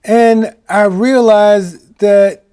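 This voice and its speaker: A male minister preaching a sermon, telling a personal story and swinging between loud exclamations and quiet asides. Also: high voice, fairly even intonation, extremely slow, smooth.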